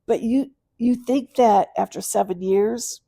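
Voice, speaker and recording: A middle-aged woman, a podcast guest, telling a personal story of loss, tearful and earnest, moving from soft hushed lines to louder bursts. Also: on the high side, unhurried, gravelly, no echo, studio quality.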